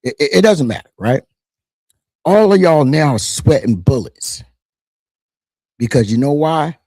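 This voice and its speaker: Animated husky-voiced middle-aged American man. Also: on the high side, a little slow, dry recording, clean studio sound. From United States. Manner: animated, emphatic, frequent restarts. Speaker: channel host. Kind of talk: casual commentary.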